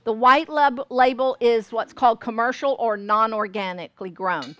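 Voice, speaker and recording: At a moderate pace, a US Southern woman from Georgia leads a baking class in a store's classroom, her voice on the high side and a bit bright, with no echo. She's homespun and regularly confirms people are following.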